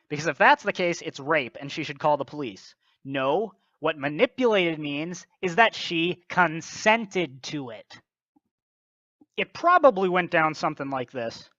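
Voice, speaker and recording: A man's voice: on the high side, pushed and bright, dry recording. A man with a slightly raised voice lectures bluntly through scripted commentary. The sound is dull and dry, with no room around it. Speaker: video commentator.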